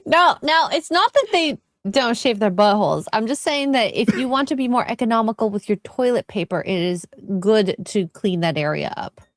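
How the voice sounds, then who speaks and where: A woman's voice: a little high, expressive, normal speed, hardly any pauses, no echo, clean studio sound. A young woman co-hosting a casual live stream, giggly and self-deprecating. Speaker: co-host.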